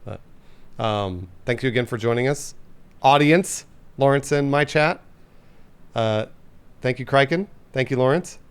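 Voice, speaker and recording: A young man hosting a podcast, joking around in a relaxed way and restarting his sentences. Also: medium pitch, unhurried, pauses often, clear, resonant tone. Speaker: podcast host. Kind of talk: casual chat.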